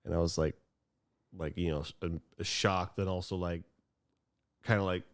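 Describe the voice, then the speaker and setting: A man's voice: deep voice, fairly even intonation, moderate pace, clear, resonant tone, no echo. A man co-hosting a podcast, talking in a laid-back, hesitant way with many fillers. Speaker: podcast co-host. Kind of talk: casual chat.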